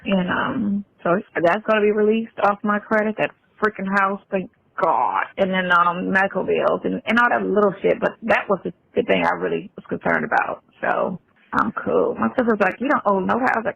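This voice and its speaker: Woman in a played clip, gravelly and husky, rambling casual storytelling with lots of fillers, dull muffled sound. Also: medium pitch, moderate pace, a bit bright, dry recording.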